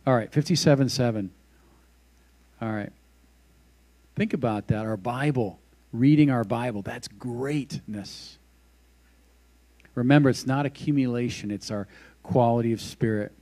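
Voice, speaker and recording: A man's voice: mid-range voice, a little slow, pauses often, darkish tone. A man who works at a church, giving a casual devotional sermon with scripture reading and a closing prayer. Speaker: pastor.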